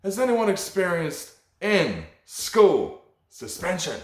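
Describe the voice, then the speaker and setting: A man's voice: high-pitched, wildly swooping pitch, slow, reverberant. A man hosting a comedy podcast alone, delivering a rambling, profane, mock-preachy monologue.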